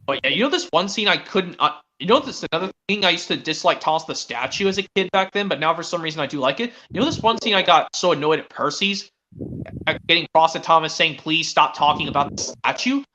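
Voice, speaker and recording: A man's voice: on the high side, expressive, fast, pushed and bright. A man streamer in casual chat, rambling with lots of restarts. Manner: rambling, full of restarts and fillers.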